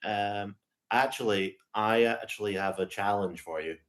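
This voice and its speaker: Low-voiced Scottish man, dry humour. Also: unhurried, fairly bright tone. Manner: dry, self-mocking humour. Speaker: band member guest. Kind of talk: casual interview chat.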